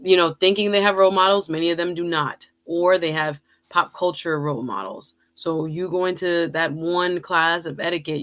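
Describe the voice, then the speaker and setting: A woman hosting a casual live talk show, reading viewer comments aloud and laughing often. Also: deep voice. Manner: laughs often, warm and chatty. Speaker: host.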